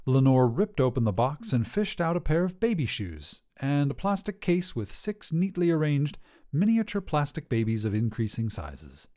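A man narrating a flash fiction podcast and reading its outro, in a lively storytelling delivery. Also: mid-range voice, normal speed. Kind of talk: scripted narration.

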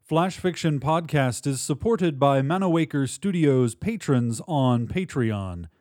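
Slow, mellow male story narrator. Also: fairly high pitch, no echo, clean studio sound. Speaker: podcast host and narrator.

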